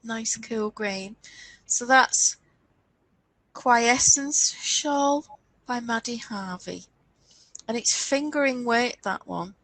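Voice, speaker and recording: A woman's voice: on the high side, takes it slowly, long pauses, fairly bright tone, no room sound, rough recording. Chatty woman, dry sound. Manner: chatty, thinking aloud, stumbling over pattern names. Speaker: podcast co-host. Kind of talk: casual chat about knitting patterns.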